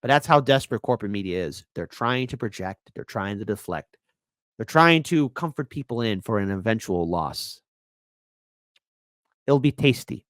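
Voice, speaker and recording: A man hosting a political commentary show, sarcastic and taunting, his volume swinging from loud to quiet. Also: on the low side, expressive, normal speed, no room sound.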